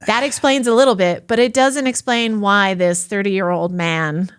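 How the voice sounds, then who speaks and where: A woman's voice: medium pitch, moderate pace, clear, resonant tone, no echo. Woman, podcast co-host, casual review chat, exasperated, laughs a lot, dry close sound. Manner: animated, exasperated, laughs often.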